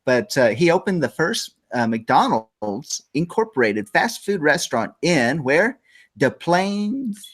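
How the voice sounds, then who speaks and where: A man's voice: a little high, sing-song, slow pace, a bit bright. A man hosting a casual morning talk show, reading trivia in a rambling, joking way and laughing often.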